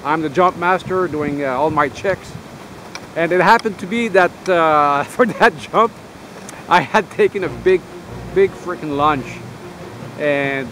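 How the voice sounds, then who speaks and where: Rambling veteran man, windy outdoor take. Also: on the high side. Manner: rambling, halting, full of uh and um. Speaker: army veteran vlogger. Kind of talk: casual storytelling to camera.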